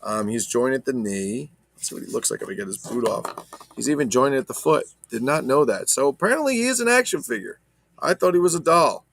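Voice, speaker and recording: A man's voice: medium pitch, expressive, a little fast, creaky, fairly bright tone, no echo. A man casually chatting about his toy collection, rambling and swearing as he talks to viewers. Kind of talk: casual unboxing chat.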